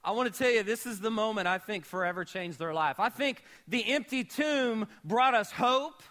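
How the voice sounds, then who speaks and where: A man pastor preaching a sermon, animated, moving between shouting and hushed storytelling. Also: high-pitched, normal speed.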